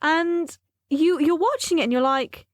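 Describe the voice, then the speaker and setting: A woman co-hosting a podcast, chatting in an animated, rambling way with a fairly high voice. She is recorded close on a dry mic with no room sound. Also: measured pace, no room sound. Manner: animated, rambling, self-correcting. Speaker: podcast co-host. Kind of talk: casual chat.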